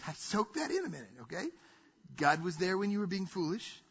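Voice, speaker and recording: Emphatic preaching man, high bright voice. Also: very animated, a little fast, slightly rough. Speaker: pastor. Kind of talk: sermon. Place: church stage. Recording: dull lo-fi sound.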